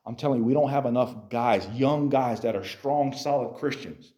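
A man preaching a sermon to a youth group, animated, swinging from quiet talk to shouting and speaking straight to his listeners. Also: mid-range voice, normal speed.

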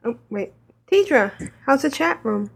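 A woman's voice: high voice, animated, measured pace, vocal fry, slightly rough. A woman co-hosting a casual gaming podcast, playful and given to humming jingles. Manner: playful, hums a sing-song jingle. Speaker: podcast co-host.

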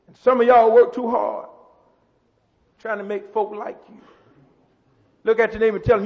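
Preacher man, real high voice, muffled recording w long church reverb. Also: little pitch movement, normal speed, long pauses, some chatter behind. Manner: preaches with rising shouts, repeats words, calls to the congregation. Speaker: pastor. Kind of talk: sermon.

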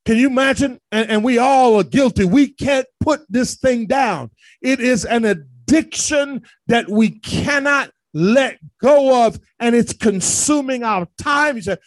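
A male pastor preaching a sermon, calling out to the congregation and rising to shouts. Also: very high-pitched, lively intonation, normal speed, no room sound.

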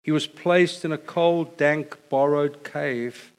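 Middle-aged male pastor, sermon delivery, animated storyteller who builds to a refrain, voice a touch high. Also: takes it slowly, clear, resonant tone.

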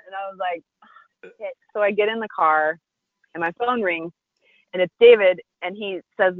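A woman, a restaurant founder, telling a personal story in an interview, animated and acting out the voices of the people she quotes. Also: on the low side, a little fast, no room sound, narrow, tinny audio. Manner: conversational, with frequent "like" and restarts.

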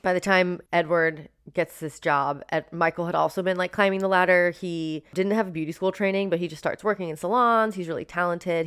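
A woman co-hosting a casual podcast, relaxed, retelling a book with fillers like "um" and "like". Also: fairly low pitch, clean tone. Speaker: podcast co-host summarizing a book. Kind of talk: casual book discussion chat.

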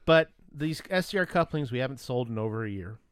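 A man telling a story in casual chat, animated and profane, acting out both sides of a conversation. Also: mid-range voice, brisk, clear, resonant tone, dry recording, studio quality.

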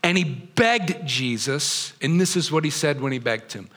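A middle-aged man preaches to his congregation in a theater used as a church, his voice on the high side, expressive and a bit bright. He moves at a moderate pace with few pauses, conversational and full of questions for the crowd.

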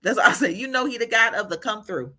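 A woman giving an informal devotional talk, animated, often laughing and asking "right?" as she encourages listeners. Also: on the high side, quick pace. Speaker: faith encourager.

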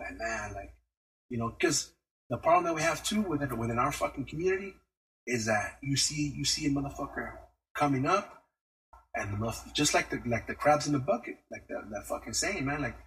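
A man's voice: medium pitch, fairly bright tone, husky, rough recording. A man telling a story in a casual podcast rant, heavy on slang and cursing. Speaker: podcast host.

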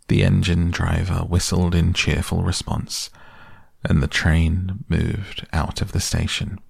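A man narrating a storybook in a measured, expressive reading. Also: low voice, vocal fry, no room sound, studio quality.

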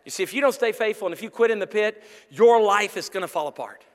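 A male senior pastor preaching an animated sermon, breaking into shouts and acted-out quotes. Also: high voice, fast talker. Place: church sanctuary. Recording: long church hall reverb.

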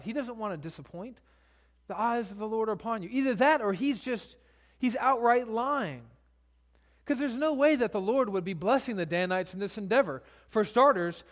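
High-voiced man preaching casually. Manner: casual storytelling, paraphrasing scripture in everyday speech. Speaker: pastor. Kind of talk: sermon.

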